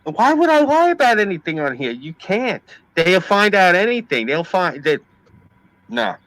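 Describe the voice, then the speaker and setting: An animated man in casual stream chat, spinning a story with lots of swing in his voice. His tone is bright and forceful, and the sound is dry and close. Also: sits high, moderate pace, no room sound, low-quality recording. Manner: animated, swears freely.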